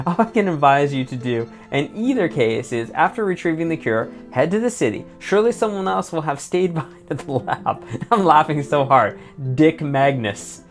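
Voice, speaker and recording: A woman with a low voice chats casually while playing a game, rambling and breaking into laughs. Faint guitar music plays under her. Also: unhurried, long pauses. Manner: rambling, excitable, laughs often. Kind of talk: casual let's-play commentary and dialogue reading.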